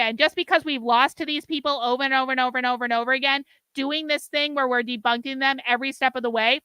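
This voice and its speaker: Female streamer, blunt and exasperated, bright high voice, dry close sound. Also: steady tone, fast talker, hardly any pauses, clean tone, no echo. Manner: blunt, swears, exasperated lecturing. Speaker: host reacting to a stream. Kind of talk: livestream commentary.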